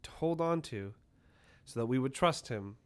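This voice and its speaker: A young man retells a wild night with heavy swearing and animated delivery, jumping into the voices of the people involved. His voice sits at a medium pitch, and he talks like a casual podcast co-host. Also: normal speed, smooth. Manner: profane, animated retelling, acting out quotes. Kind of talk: casual storytelling.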